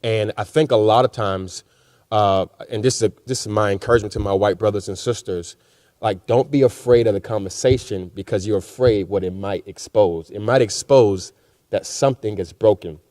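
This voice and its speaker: Male panelist, earnest and encouraging, with a low voice and a dry, close sound. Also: moderate pace, darkish tone, no room sound. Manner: earnest and encouraging, with repeated fillers. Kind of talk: panel discussion.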